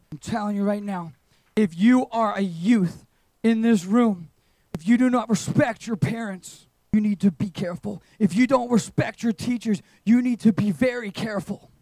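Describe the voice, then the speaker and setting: A young male pastor delivers a lively sermon in a fairly high voice. He swings from quiet asides to sudden shouted bursts. The sound is close and dry, with no room echo. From England. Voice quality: animated preaching, voice surging to shouts on emphasis. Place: church auditorium.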